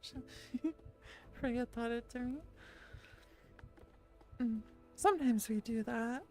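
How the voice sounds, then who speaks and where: Gravelly-voiced woman rambling to her chat. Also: a little high, slow, darkish tone, soft background music. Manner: chatty, rambling, many restarts and laughs. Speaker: streamer. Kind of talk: casual rambling chat with viewers. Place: lying down at home.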